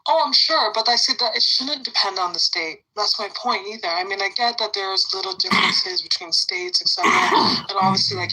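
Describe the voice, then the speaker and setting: A woman's voice: fairly high pitch, very animated, brisk, creaky, hardly any pauses, sharp tone, low-quality recording. A woman from Canada talking politics in a blunt, outspoken way, swearing freely in casual chat.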